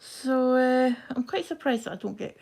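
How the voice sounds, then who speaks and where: A woman with a broad Scottish accent chatting quickly and casually to viewers on a live craft stream while she stitches. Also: high-pitched, expressive, gravelly, a little mellow. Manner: quick-talking, chatty, self-deprecating. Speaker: craft livestream host.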